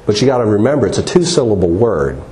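A man giving a slide-based Bible teaching talk, earnest, with restarts and slow, drawn-out emphasis on key words. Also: lowish voice, sing-song, dark tone, reverberant, a little hiss or hum, rough recording.

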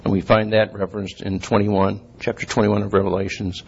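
A man giving a sermon, reading scripture slowly and clearing his throat often. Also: on the low side, flat delivery, a little mellow. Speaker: lay preacher. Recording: dull lo-fi recording.

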